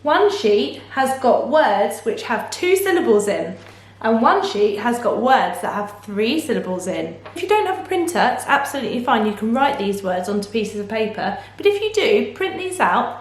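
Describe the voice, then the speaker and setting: A woman teaching phonics to young children in a slow, encouraging, sing-song manner, asking lots of questions. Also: fairly high pitch, very animated, echoey room. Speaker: primary school teacher.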